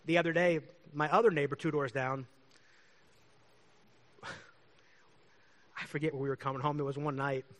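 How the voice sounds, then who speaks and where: Chatty higher-voiced male pastor. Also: flat delivery, measured pace, pauses often, fairly bright tone. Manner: chatty, rambling, laughs often. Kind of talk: casual storytelling.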